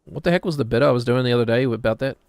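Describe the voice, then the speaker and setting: A man's voice: mid-range voice, very fast, darkish tone, dry recording. A man, streaming a game and chattering casually, rambling and joking as he plays. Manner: rambling, jokey, drifts into put-on British voices.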